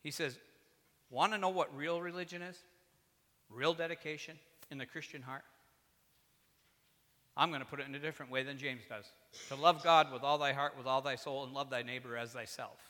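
A man preaching a sermon in a church, earnest and swinging between fervent emphasis and quiet, low passages. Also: steady tone, moderate pace, long pauses. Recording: echoey hall.

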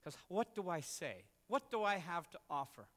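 A man's voice: sits high, very animated, normal speed, fairly bright tone, big-room sound. A man, preaching a sermon as a pastor and telling a personal story in an earnest, self-deprecating way.

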